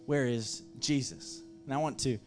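A man's voice: medium pitch, moderate pace, darkish tone, faint music behind. A man preaching a sermon as pastor, impassioned, with emphatic repeated phrases.

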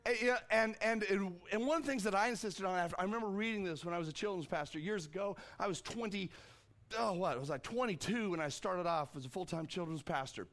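A middle-aged man with a voice a bit higher than most men preaches a sermon. He talks loosely, stumbling over and repeating words. He acts out the scripture quotes with big leaps in pitch. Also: fast, a bit bright. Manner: restarts and repeats words often. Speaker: pastor.

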